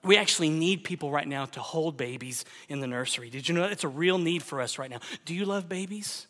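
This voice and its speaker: A man preaching a sermon as pastor, emphatic, swinging between loud exhortation and hushed appeals. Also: on the high side, fast, hardly any pauses, long reverb tail.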